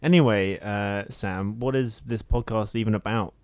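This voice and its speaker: A man's voice: fairly low pitch, normal speed, clear, resonant tone, no room sound. A man co-hosting a podcast, joking about films in a dry, sarcastic way. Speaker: podcast co-host. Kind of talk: casual film review chat.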